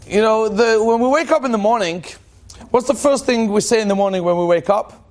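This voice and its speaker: A rabbi giving a lively, joking religious talk to a live audience, questioning them and acting out what people say. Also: male voice, high-pitched, a little fast. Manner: animated and joking, acts out quoted thoughts in a dramatic voice.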